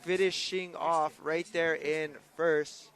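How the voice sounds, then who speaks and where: A man's voice: fairly high pitch, level tone, slow, a bit bright, clear, resonant tone. A man doing upbeat live commentary on a canoe race, announcing lanes and crews.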